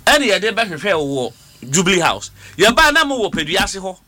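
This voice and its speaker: A Ghanaian man in a heated political debate, a member of parliament who talks over the others and keeps repeating himself. His voice sits high and very bright. It rises and falls a great deal. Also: big pitch swings, normal speed. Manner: talks over others, repeats words, switches between languages.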